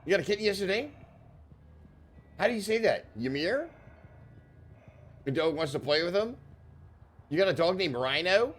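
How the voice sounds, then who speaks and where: A man's voice: sits high, sing-song, normal speed, long pauses. Male game streamer, casual and rambling, laughs a lot, mild swearing, close studio mic. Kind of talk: casual live-stream chat. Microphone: diaphragm studio microphone.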